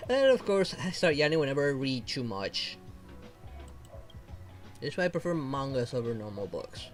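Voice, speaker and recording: A male VTuber streamer reading game dialogue aloud slowly, with casual commentary, laughs and mild swearing. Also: mid-range voice. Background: faint game music.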